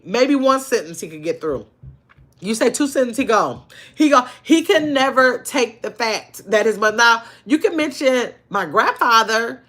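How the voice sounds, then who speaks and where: A woman's voice: mid-range voice, bright, forceful tone. An older woman hosting a casual livestream, chatting loosely and answering viewers' comments as they come in. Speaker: livestream host.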